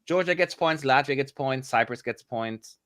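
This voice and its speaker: A man co-hosting a live watch-along stream, chatting excitably and grumbling aloud as he tracks what is on screen. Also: mid-range voice, moderate pace, dry recording, clean studio sound. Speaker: livestream co-host.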